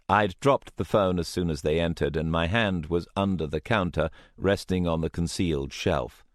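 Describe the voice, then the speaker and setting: Deep-voiced male audiobook narrator. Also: no room sound, studio quality. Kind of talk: first-person audiobook narration.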